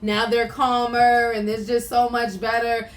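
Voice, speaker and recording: Unhurried and flat in delivery, a young woman's fairly high voice carries her podcast's casual personal monologue. She opens up emotionally about her life, leaning heavily on "like" and swearing now and then.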